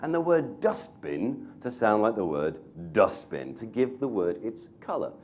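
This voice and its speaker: Male actor from North Wales telling a story to teachers. Lively, swinging delivery with frequent laughs. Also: lowish voice, a little slow, slight background noise. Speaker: actor and voice coach guest speaker. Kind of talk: anecdotal talk to teachers.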